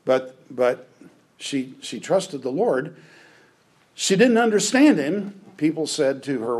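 A man's voice: fairly high pitch, sing-song, slow pace, darkish tone, breathy edge, rough recording. A man preaching a conversational sermon, often checking in with his listeners. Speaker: pastor.

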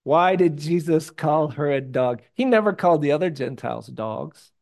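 A man preaching a sermon in a conversational, animated way, with jokey personal stories, hushed asides and sudden loud bursts. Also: a little high, moderate pace, creaky. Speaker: pastor.

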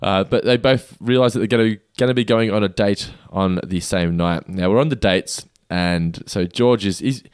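A man's voice: fairly low pitch, normal speed, hardly any pauses, clear, resonant tone, no echo, clean studio sound. A man co-hosting a podcast, casually recapping a sitcom episode with frequent fillers. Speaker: podcast co-host.

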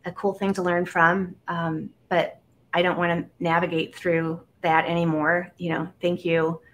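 A woman from Iowa, a guest on an interview show, talking casually with many fillers and animated storytelling. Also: lowish voice, a little slow, a little hiss or hum. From Iowa, United States.

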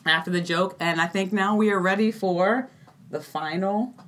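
A woman's voice: mid-range voice, normal speed, fairly bright tone. A woman co-hosting a podcast, casually explaining things with lots of fillers. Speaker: podcast co-host. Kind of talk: casual chat.

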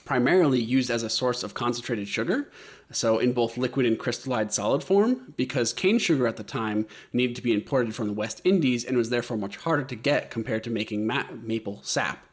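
A man's voice: mid-range voice, expressive, fairly quick. A man presenting a history topic in a casual podcast chat, explaining with many hesitant fillers.

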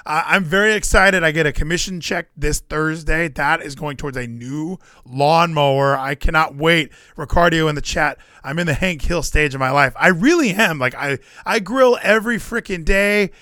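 A man's voice: a little high, normal speed, few pauses, bright, forceful tone, no echo, studio quality. A young adult man hosting a podcast, chatting casually with rambling jokes and ranting bursts. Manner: rambling, joking asides and running gags. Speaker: podcast host. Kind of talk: casual chat.

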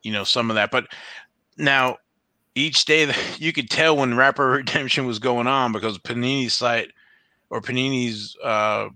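A man with a bright, forward voice chats casually, rambling through fillers and acting out quotes. The sound is dry and close, with no room around it. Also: mid-range voice, steady tone, moderate pace, no room sound. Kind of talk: casual chat about trading cards.

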